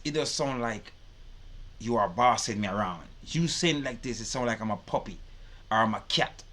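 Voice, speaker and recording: A man's voice: medium pitch, a bit bright. A man giving casual reaction commentary, swearing freely and repeating his points. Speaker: reaction video host.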